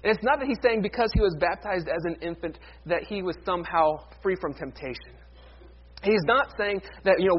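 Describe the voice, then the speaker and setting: A male pastor with a high, husky voice delivers a sermon. He swings from loud, emphatic declarations to soft, hushed lines. The recording is dull and lo-fi. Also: animated, normal speed.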